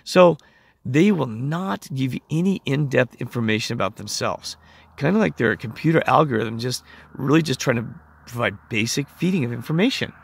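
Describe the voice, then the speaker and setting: Hoarse, gravelly-voiced man rambling. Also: medium pitch, animated, moderate pace. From United States. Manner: rambling, acts out quoted conversations. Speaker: vlogger. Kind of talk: casual rambling monologue.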